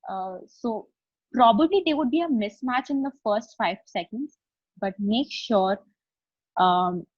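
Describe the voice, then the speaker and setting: Over a video call, an Indian English-accented woman coaches a group in a live session, talking chattily, walking through steps, and frequently checking in. She sounds animated and a little slow, her somewhat husky voice pitched on the high side. It's close and dry with no echo, though the call audio is dull and lo-fi.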